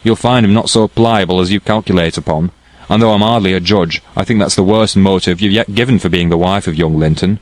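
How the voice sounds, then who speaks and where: Man doing a no-nonsense housekeeper, blunt and scolding, deep low voice, dry sound. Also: a little fast, dry recording, lightly acted. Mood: stern. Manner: reproving, blunt. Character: stern, practical older woman servant. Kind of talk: audiobook character reading.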